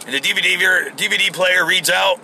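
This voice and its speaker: Gravelly, bright-voiced ranting man. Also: high-pitched, a little fast, slight background noise. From United States. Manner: profane, exasperated ranting. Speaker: podcast host. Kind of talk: casual solo rant.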